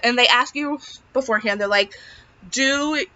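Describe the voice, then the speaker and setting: Chatty young woman vlogging, bright voice. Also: medium pitch, moderate pace. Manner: rambling, filler-heavy, emotional retelling. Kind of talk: casual storytelling vlog. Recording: dull lo-fi recording.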